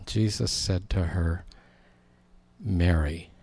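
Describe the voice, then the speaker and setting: A man's voice: on the low side, unhurried, a little mellow. A man preaching a sermon in a conversational, storytelling way, acting out quoted lines.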